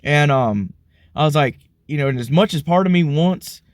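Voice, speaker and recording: A man's voice: a little high, lively intonation, normal speed, dry recording, studio quality. A man from Alabama, rambling earnestly through a personal faith testimony, married with a family. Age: adult, married with kids. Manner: rambling, earnest, heavy on "you know". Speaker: vlogger sharing a faith testimony. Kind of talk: casual spoken testimony.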